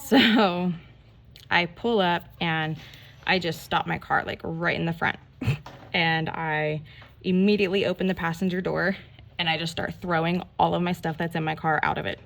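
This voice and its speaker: A woman telling a rambling, animated story in a casual storytime vlog while she does her nails, full of "like" and mild swearing. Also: on the low side, normal speed. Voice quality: gravelly, creaky voice. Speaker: nail vlogger.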